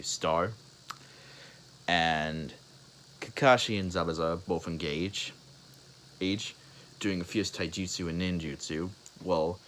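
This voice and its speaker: A young man with a deep, low voice makes up a fan story as he goes, stopping, restarting and reaching for words. A faint hiss of noise sits under the recording. His telling is loose and unscripted. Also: pushed and bright, low-quality recording. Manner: halting, rambling, with many restarts and fillers. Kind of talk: improvised spoken fan story.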